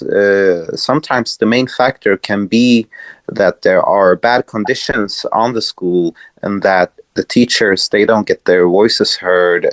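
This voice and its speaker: A man's voice: on the low side, no room sound. A man hosting a podcast who asks questions in a hesitant, filler-filled, casual way. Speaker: podcast host. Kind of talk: casual conversation.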